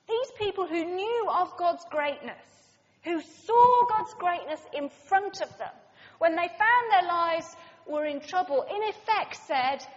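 High-voiced woman preaching in a hall. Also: measured pace. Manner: animated storyteller, acts out quoted voices. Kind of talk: sermon with personal anecdote. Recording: muffled sound with long hall reverb.

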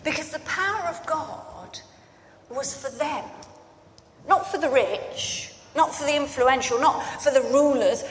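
A woman with a high voice delivers a sermon in an earnest storytelling manner, leaning on repetition for emphasis. Her voice rings with long reverb through a roomy church hall. A faint hum of ambience sits beneath her. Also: unhurried. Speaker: preacher.

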